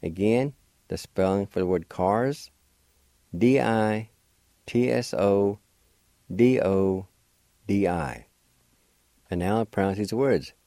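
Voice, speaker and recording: A man hosting a radio language lesson, slowly spelling out words letter by letter and repeating them patiently. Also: fairly low pitch, mellow, dry recording. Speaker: language teacher and radio host. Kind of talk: slow word-by-word language lesson. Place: radio studio.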